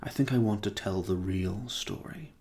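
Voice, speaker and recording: A man voicing a calm, gentle male vampire centuries old, soft and measured, in a casual novel reading. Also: lowish voice, lightly acted.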